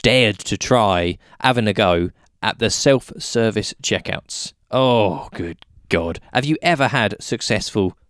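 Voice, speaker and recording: Lively British man reading comic verse. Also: lowish voice, takes it slowly, no room sound, studio quality. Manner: wry, self-mocking humour. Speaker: podcast host. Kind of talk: reading a comic rhyming poem.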